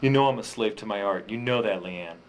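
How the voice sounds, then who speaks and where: A man's voice: fairly low pitch, fairly quick, slight background noise, natural voice. A man playing a smug, cynical writer. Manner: dry, smug retorts. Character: cynical unpublished male writer, smug and defensive. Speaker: director and writer. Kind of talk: indie comedy drama acting.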